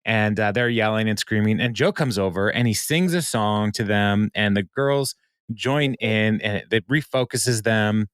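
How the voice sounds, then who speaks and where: A man's voice: fairly low pitch, moderate pace, a bit bright, clean tone, no room sound, clean studio sound. A man co-hosting a podcast, casually recapping a TV episode with lots of fillers and laughs. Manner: rambling, many fillers, laughs often. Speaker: podcast co-host.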